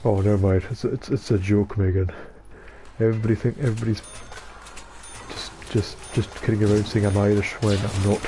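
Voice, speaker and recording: A man's voice: lowish voice, flat delivery, fairly quick, mellow. A young Scottish man of about nineteen, chatting casually while streaming a game, rambling and self-deprecating with a dopey voice. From Scotland. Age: young adult, about 19. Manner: rambling, self-deprecating, stumbling over words. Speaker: gaming streamer. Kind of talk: casual late-night gaming chat. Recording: noisy game audio behind.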